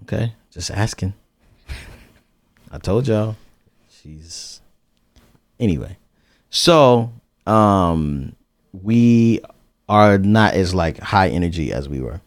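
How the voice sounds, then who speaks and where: A man's voice: sits low, darkish tone. A man co-hosting a podcast, talking in a laid-back, slangy, casual way. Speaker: podcast co-host. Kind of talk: casual chat.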